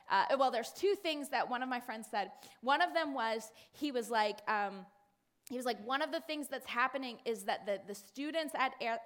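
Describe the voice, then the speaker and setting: A woman speaking to a congregation in a sermon-style talk, telling a story with many fillers and quick restarts. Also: fairly high pitch, a bit bright. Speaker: church speaker.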